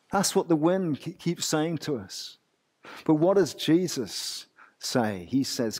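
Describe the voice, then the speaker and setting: Male English pastor, high and lively voice, unhurried sermon delivery full of rhetorical questions. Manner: animated preaching with rhetorical questions.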